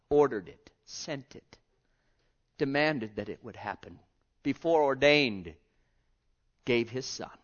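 A man preaching a sermon, reading scripture and swinging from booming to hushed, drawing out his words. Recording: dull lo-fi sermon recording.

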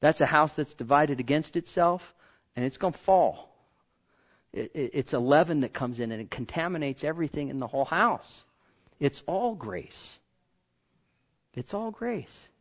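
A man preaches a sermon earnestly, moving from soft, drawn-out phrases to emphatic ones and repeating key words. His voice is on the high side, and the recording is dull and lo-fi.

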